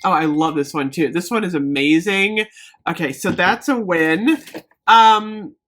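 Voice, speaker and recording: A woman vlogger chatting casually and excitedly as she shows off a shopping haul. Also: fairly low pitch, a little slow. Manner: bubbly, excitable, gushing. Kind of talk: casual haul video chat.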